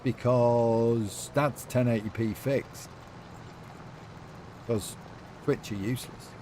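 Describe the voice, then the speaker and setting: A man's voice: mid-range voice, fairly even intonation, slow, warm tone, slight background noise. Chatty man streaming a game. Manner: chatty, reads out and answers chat. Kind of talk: casual live-stream chat.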